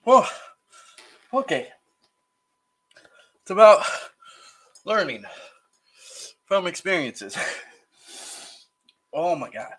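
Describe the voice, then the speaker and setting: Between slow remarks, a man tasting hot sauces on a casual livestream gasps, sighs and groans, his mouth burning and eyes tearing up. His high voice swings widely in pitch and sounds a bit bright and slightly rough.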